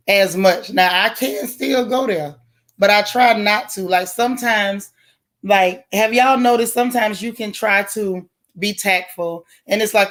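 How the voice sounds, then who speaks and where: A woman hosts a live stream with a hoarse voice. She talks in a chatty way, right to her viewers, as she reads their comments aloud. Her pitch sits in the middle range. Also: unhurried, fairly bright tone. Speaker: livestream host. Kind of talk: casual live chat reading viewer comments.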